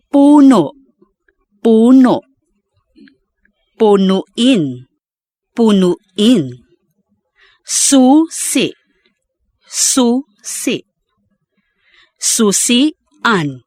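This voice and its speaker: A woman reading vocabulary slowly and deliberately for learners to repeat, enunciating each word with care. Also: medium pitch, dry recording, clean studio sound. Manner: slow, deliberate, carefully enunciated. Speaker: pronunciation model speaker.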